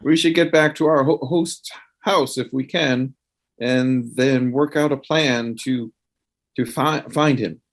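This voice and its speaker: A man's voice: medium pitch, steady tone, slow pace. A man voicing Rutherford, a paranoid professor who stammers and restarts his words in a tabletop role-play game. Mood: planning.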